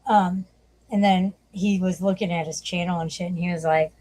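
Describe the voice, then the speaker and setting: A woman's voice: fairly low pitch, fairly even intonation, moderate pace, a little mellow, poor audio. A woman hosting a livestream, chatting casually, swearing often and laughing as she talks. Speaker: livestream host.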